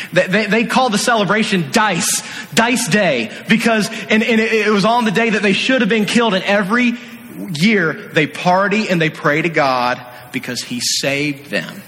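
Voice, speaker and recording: Bright, energetic man preaching in a hall. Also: high-pitched. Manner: energetic, playful, acts out scenes. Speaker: youth pastor. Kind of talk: animated sermon storytelling. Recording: echoey hall.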